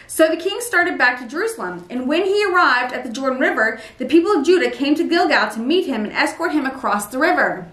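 A woman reading scripture aloud in a steady, plain manner. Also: sits high, moderate pace. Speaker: Bible reader. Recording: roomy echo, mic at a distance.

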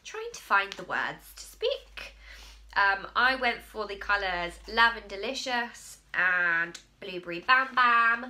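A woman's voice: mid-range voice, creaky, pushed and bright. A woman in her late twenties hosting a podcast in casual, rambling chat, laughing at her own slips. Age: late 20s. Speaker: podcast host.

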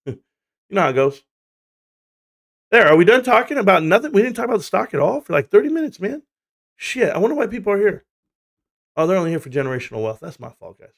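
A man's voice: sits high, very animated, fast talker, gravelly, pauses often. A man hosting a casual livestream chat, rambling, swearing and laughing through stories, from the United States. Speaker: livestream host.

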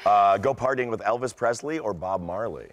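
A man interviewing a guest in a rapid-fire quiz format, with teasing, deadpan jokes. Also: fairly low pitch, dry recording.

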